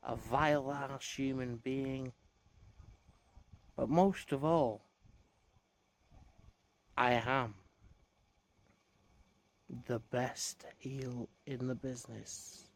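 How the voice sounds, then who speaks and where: A man's voice: medium pitch, steady tone, very slow, pauses often. A man giving a theatrical, smug wrestling character promo as a self-described heel.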